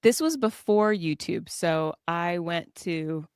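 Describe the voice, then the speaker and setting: A woman from Southern California, chatting as a podcast guest with a low-ish voice. She tells stories in a lively, self-mocking way and laughs often. The sound is close and dry. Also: slow pace, clean tone, no echo. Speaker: guest author. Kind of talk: casual conversational storytelling.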